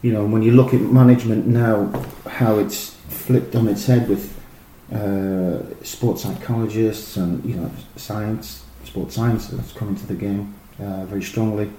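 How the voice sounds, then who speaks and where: A middle-aged man, a former footballer, telling animated, rambling stories full of fillers and restarts. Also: on the low side, a little slow, hardly any pauses. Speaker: former professional footballer, guest. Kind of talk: casual anecdotal storytelling. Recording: roomy echo with faint noise.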